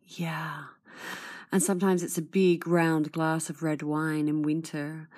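A woman's voice: low-pitched, steady tone, a little mellow, no echo. Bubbly woman podcast host, dry close sound. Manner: bubbly and playful, drawn-out emphatic words. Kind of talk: casual chat replying to listener messages. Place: outdoors in her garden at night.

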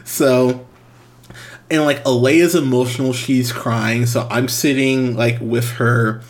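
A young man casually telling a long, exasperated anecdote, animated and breaking into laughs. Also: medium pitch, slow. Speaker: storyteller.

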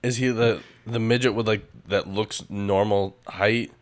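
A man with a very low, deep voice trades crude jokes in loose podcast banter. He swears freely and keeps the talk casual and offhand. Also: steady tone, unhurried. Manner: crude, joking, swears a lot. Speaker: podcast co-host. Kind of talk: casual chat.

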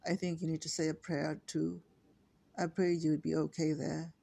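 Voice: medium pitch, little pitch movement, normal speed, creaky, mellow, breathy edge. A reader voicing a worried mother who talks to her daughter in a soothing, concerned way. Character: worried mother, gently pious.

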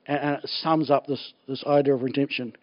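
A man preaching a sermon in an animated, joking way, laughing often. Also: medium pitch, a little fast. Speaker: pastor. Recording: dull lo-fi recording.

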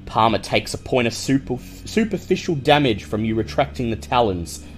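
A man narrating a tabletop game as game master, in a measured, descriptive way. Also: medium pitch, expressive, soft background music.

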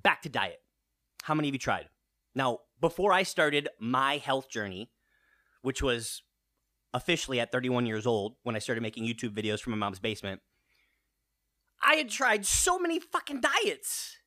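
A man in his late thirties talks to his viewers in a casual fitness vlog. His nose is running and he sniffles. His pitch rises and falls a lot as he fires off rhetorical questions and swears in passing. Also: very animated, normal speed, pauses often, bright, forceful tone. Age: 30s. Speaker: fitness vlogger.

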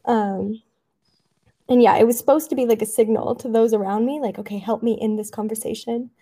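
A woman's voice: a little high, fairly even intonation, brisk, dark tone. A young woman in casual conversation, chatty, laughing often and filling her talk with "like". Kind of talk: casual chat.

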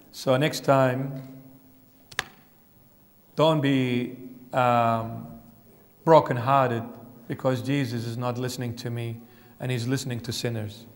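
A man's voice: a little high, fairly bright tone, in a large hall. A man, a bishop, preaching a sermon emphatically and putting questions straight to his congregation. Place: church.

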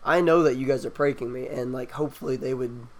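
A young man in casual chat tells a story to his friends. He is animated and slips into the voices of the people he quotes. His pitch sits mid-range for a man. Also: quick pace, over a noisy crowd. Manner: animated, acts out quoted lines.

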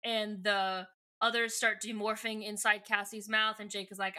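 A woman's voice: mid-range voice, flat delivery, normal speed, bright, forceful tone. A woman co-hosting a podcast, casually recapping a book in a rambling way, full of fillers and self-corrections. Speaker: podcast co-host.

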